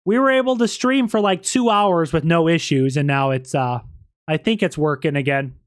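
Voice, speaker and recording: A man hosts a live reaction stream and chats loosely with viewers between clips. His voice is high for a man. The sound is dry and close, with no room around it. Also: normal speed, clear, resonant tone, dry recording. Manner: chatty, apologetic asides to viewers. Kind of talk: casual live-stream chat.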